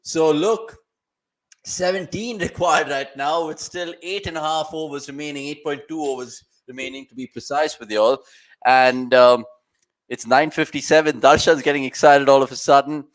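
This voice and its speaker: A man hosting a casual cricket watchalong from home over a video call, reading viewer comments aloud in quick, upbeat banter. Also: on the high side, fairly even intonation, poor audio. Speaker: watchalong host.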